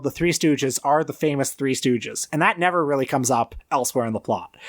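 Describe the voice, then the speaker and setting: A man co-hosting a casual film podcast, his voice sitting a little high for a man. He retells scenes with plenty of laughter and now and then drops into silly quoted voices. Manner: laughing storyteller, breaks into goofy quoted voices. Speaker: podcast co-host. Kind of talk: casual chat.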